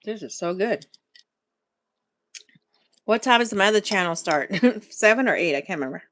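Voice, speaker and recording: A woman hosts a casual live-stream chat for her food channel, sipping coffee as she rambles and laughs often, talking straight to her viewers. Her mid-range, slightly bright voice has lively intonation at a moderate pace.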